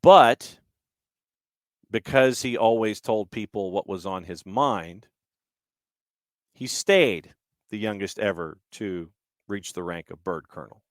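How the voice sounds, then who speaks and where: A man hosting a podcast, telling a story in an unhurried, conversational way with a few restarts. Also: on the low side, dry recording, clean studio sound. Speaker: podcast host.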